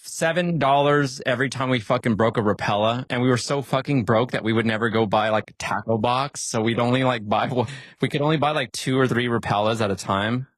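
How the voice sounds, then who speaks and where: A man hosting a podcast, telling animated, profanity-laced stories in casual chat. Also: medium pitch, fairly quick, no echo. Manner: swears a lot, animated storytelling with voices. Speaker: podcast host.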